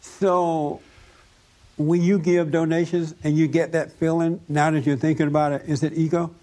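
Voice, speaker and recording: A man leading a group talk, telling a story in a lively way and laughing often. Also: a little high, moderate pace. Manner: animated, laughs often, acts out other voices. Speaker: discussion group leader.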